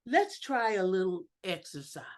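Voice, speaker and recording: A woman giving an instructional talk over a video call, deliberate and emphatic, joking about her own lack of technical skill. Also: sing-song. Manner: deliberate, varies pitch and loudness for emphasis. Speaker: educational speaker at a club meeting. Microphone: video call computer mic.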